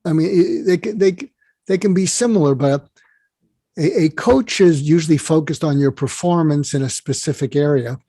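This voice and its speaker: A man with a fairly high voice tells long, wandering stories as an interview guest, often restarting his sentences. The sound is dry and close. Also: moderate pace, dark tone, no echo. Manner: rambling storyteller, many restarts. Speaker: psychiatrist guest. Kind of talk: conversational interview storytelling.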